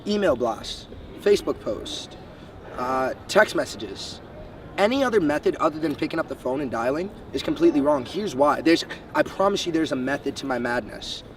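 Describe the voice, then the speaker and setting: Young male sales coach, quick and punchy, slightly high, recorded from afar outside. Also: lively intonation. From Bahamas. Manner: brisk, emphatic, lays out numbered steps. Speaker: sales trainer. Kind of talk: motivational coaching talk. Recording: distant mic, faint street noise.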